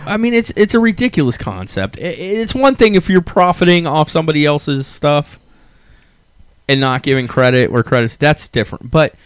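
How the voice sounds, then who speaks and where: A man's voice: fairly high pitch, lively intonation, normal speed, clear, resonant tone, dry recording, clean studio sound. A man hosting a casual podcast chat, opinionated and ranting, laughing often. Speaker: podcast host.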